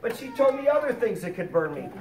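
A man performing a fire safety show for preschoolers, telling a story in an animated, sing-song way. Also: very high voice, quick pace. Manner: animated, sing-song, talks down warmly to little kids. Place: preschool classroom. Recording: roomy, distant, with children and noise. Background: young children chattering and answering.

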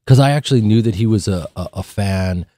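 A man from Chicago, a guest actor on a radio show, telling lively anecdotes and mimicking others. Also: lowish voice, fairly quick. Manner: animated storyteller, acts out others' voices. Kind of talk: radio studio chat. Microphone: studio microphone.

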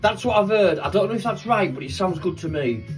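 A man with a fairly high, lively voice, joking and rambling through a home baking vlog. He talks casually from his kitchen, with rock guitar music clearly playing behind him. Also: fairly quick. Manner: jokey rambling storyteller. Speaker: vlogger. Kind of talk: casual chat while baking. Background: rock music playing from a smart speaker.

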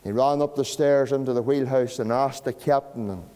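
A man preaching a sermon in a church, using slow dramatic pauses and dropping to a hush on key words. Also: mid-range voice. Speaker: pastor. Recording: long church reverb.

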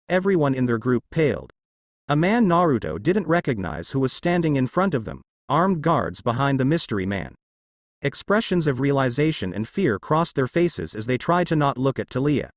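A man narrating a fanfiction audiobook with an expressive reading. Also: mid-range voice, moderate pace, no echo.

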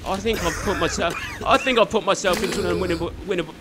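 A man giving chatty, excitable let's play commentary, swearing mildly and talking to the game character. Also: high voice, fast, noisy background. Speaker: gamer.

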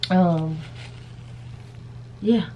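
A woman's voice: on the low side, drawn-out words, a little mellow, highs cut off, a little hiss or hum. A woman chatting casually to camera in a rambling vlog, calling her viewers y'all and baby. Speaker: vlogger.

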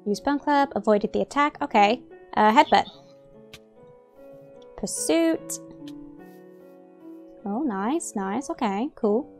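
A young woman commenting on her own game play, excitable and gasping, rambling as she plays. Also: fairly high pitch, takes it slowly, pauses often, soft background music. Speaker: gaming YouTuber.

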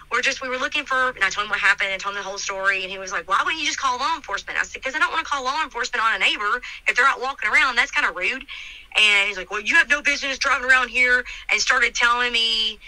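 Animated middle-aged woman telling a story. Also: a little high, quick pace, dry recording, rough recording. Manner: animated retelling, acts out quoted dialogue. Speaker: interviewee, neighbor telling her account. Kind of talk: emotional storytelling in an interview.

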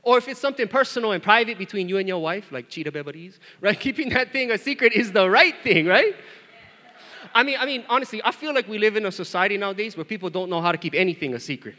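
A male pastor preaching to his congregation in an animated, joking way, calling out to them for responses. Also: high-pitched, quick pace. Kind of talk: sermon. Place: church. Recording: reverberant church hall.

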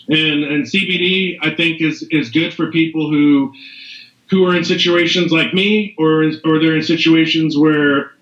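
Here a middle-aged man who owns a CBD business guests on a podcast, his fairly high-pitched voice carrying a fairly bright tone. He wanders as he talks, casually, with many fillers and restarts. Expect echo and a dull, lo-fi room sound.

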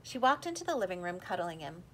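A woman reading a children's story aloud in a lively, expressive way. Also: lowish voice, quick pace, a little hiss or hum. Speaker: audiobook reader. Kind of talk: storybook narration with character voices.

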